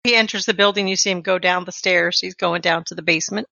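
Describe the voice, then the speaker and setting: A woman's voice: lowish voice, steady tone, fast, creaky, bright, forceful tone, no room sound, highs cut off. A woman narrating a tabletop horror game as game master, describing scenes step by step.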